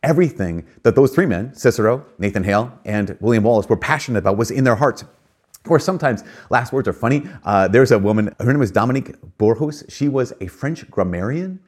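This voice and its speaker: A man's voice: medium pitch, animated, brisk. A man giving a reflective spoken talk, earnest and conversational, with frequent fillers and emphatic rises.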